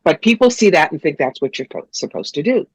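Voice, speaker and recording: Blunt, animated woman storyteller. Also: low voice, fast, breathy edge, no room sound, rough recording. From New York. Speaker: psychic, guest. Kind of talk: interview, storytelling.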